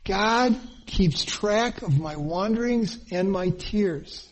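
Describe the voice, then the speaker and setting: A man's voice: high-pitched, slow pace, poor audio. A man preaching a sermon, earnest and dwelling on phrases with emphatic repetition. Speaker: pastor.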